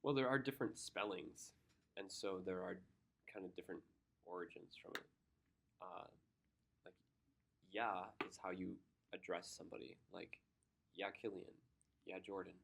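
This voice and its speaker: A chemistry teacher shifts between lecturing and loose, chatty storytelling with his class, growing animated when amused. His deep voice is creaky, moving at a moderate pace with long pauses, and there's background noise.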